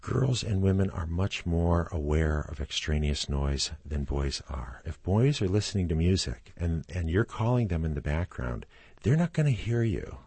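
A middle-aged man with a very low, gravelly voice and a husky edge, explaining patiently as an interview guest. He sometimes acts out quotes with a sudden raised voice. The sound is close and dry. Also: lively intonation, moderate pace, dark tone, dry recording. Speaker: family doctor and author.

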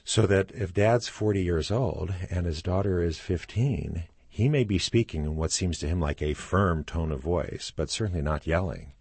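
A middle-aged man, a family doctor and author, explaining things as a guest on a radio interview and acting out quotes in a louder voice. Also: low voice, moderate pace, creaky, hardly any pauses, husky, no echo. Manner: explanatory, acts out quotes with raised voice.

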